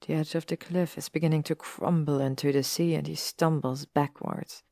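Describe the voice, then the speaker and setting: A woman narrates a story in a measured, steady way. Her voice is low with a gravelly fry, and the recording is dry and close. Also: no echo. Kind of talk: audiobook reading of fan fiction.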